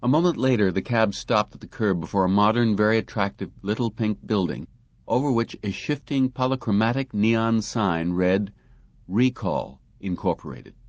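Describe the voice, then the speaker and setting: A man reading a science fiction story aloud as narrator, in measured storytelling. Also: on the low side, no echo, lo-fi sound. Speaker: audiobook narrator. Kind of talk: scripted narration.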